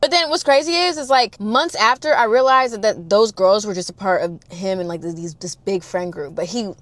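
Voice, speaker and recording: Young woman spilling a storytime, slangy and cussing, goes from loud outbursts to quiet mutters, talks right to y'all. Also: normal speed, no room sound. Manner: animated, swinging between loud exclamations and hushed low asides; addresses listeners directly, slangy and profane. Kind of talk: casual storytime chat.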